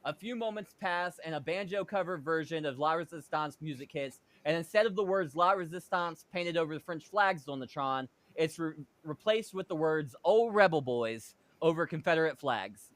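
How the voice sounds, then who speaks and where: A man's voice: a little high, normal speed, few pauses, fairly bright tone, dry recording. A man hosting a podcast, casually narrating a made-up wrestling show and laughing at his own jokes. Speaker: podcast host.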